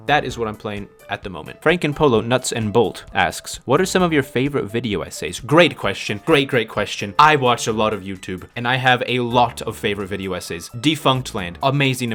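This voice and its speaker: A man's voice: mid-range voice, fairly bright tone. A young man in his twenties from Canada with a North American accent, answering viewer questions in a casual chat with a bouncy, up-and-down way of talking. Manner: sing-song, up-and-down rhythm with playful swearing.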